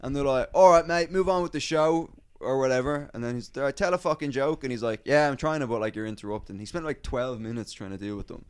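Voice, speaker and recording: A man, a comedian and podcast host, telling a rowdy gig story in casual chat, swearing often and acting out shouting hecklers. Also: mid-range voice, fast, few pauses, clean tone. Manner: swears freely, acts out hecklers.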